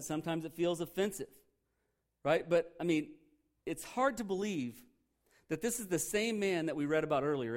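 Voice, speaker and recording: A male pastor preaching a conversational sermon, emphatic and full of rhetorical questions. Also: fairly high pitch.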